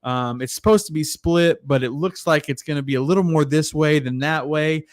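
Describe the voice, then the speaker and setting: A man's voice: on the high side, normal speed, dry recording, clean studio sound. A man co-hosting a podcast, chatting casually in a laid-back, easygoing way. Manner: laid-back, chatty, slips into quoting others. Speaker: podcast co-host. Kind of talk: casual chat.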